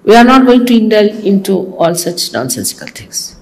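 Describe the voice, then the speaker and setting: A woman's voice: medium pitch, sing-song, normal speed, darkish tone, rough recording. A woman giving a sermon to her followers, teasing and scolding with humor. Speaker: spiritual teacher.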